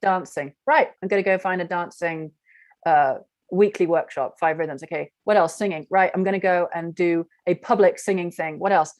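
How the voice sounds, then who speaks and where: A woman's voice: fairly low pitch, normal speed, darkish tone, no echo. Middle-aged woman, candid storytelling, rambling with lots of "like", close dry sound. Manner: frank, rambling, heavy use of "like". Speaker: spiritual workshop teacher. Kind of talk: candid personal storytelling to an online class.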